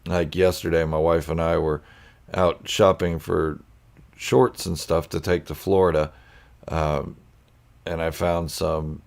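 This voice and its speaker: Low gravelly goofy man chatting live. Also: flat delivery, takes it slowly. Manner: goofy, laughing often, reads viewer comments aloud. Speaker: channel host chatting with live viewers. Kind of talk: casual live chat.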